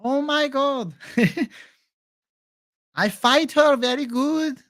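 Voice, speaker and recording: A man doing an impression of an excited female fighter who gushes in broken English. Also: very high-pitched, very slow, pitched above the performer's own voice, heavily acted. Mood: gushing.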